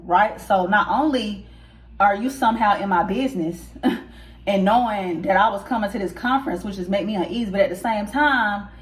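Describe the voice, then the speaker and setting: A woman podcast host, telling a story in a casual monologue and acting out both sides of the exchange with rhetorical asides. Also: medium pitch.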